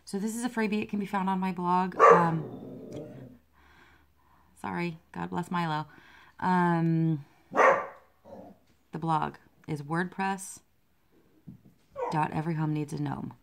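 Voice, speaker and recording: A woman's voice: lowish voice, fairly even intonation, slow pace, vocal fry, long pauses, noisy background. A woman vlogging casually about her cross-stitch designs, rambling, self-deprecating and easily distracted by her pets. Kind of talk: casual chat while stitching.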